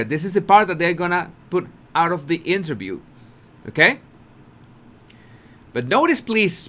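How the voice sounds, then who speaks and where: A man hosts his commentary channel and picks apart a clip. His voice sits high and swings up and down a lot as he stresses words. He speaks slowly and often repeats himself. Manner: animated and emphatic, repeats words, laughs at his own points. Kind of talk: video commentary on a talk-show clip.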